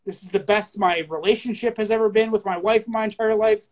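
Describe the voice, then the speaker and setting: A man in his late thirties co-hosts a relaxed chat, speaking in an earnest, steady way. He drops a curse word now and then without any fuss. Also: high-pitched, fast. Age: 30s. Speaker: co-host of a poetry show. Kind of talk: casual chat.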